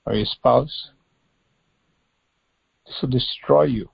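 A man's voice: mid-range voice, lively intonation, moderate pace, gravelly, pauses often, breathy edge, no room sound, dull audio. A man preaching a devotional sermon, earnest and pleading, full of rhetorical questions.

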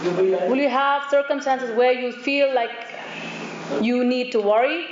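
A woman with a high voice preaches a sermon. She puts questions to her listeners and acts out the voices she quotes. The recording is echoey, dull and lo-fi, with clear noise behind her. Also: a little slow.

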